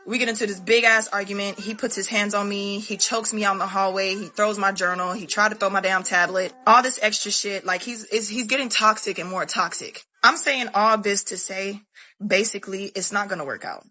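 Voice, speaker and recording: A woman's voice: medium pitch, a little fast, sharp tone. A young woman telling a candid, profane storytime monologue to her viewers. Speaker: vlogger.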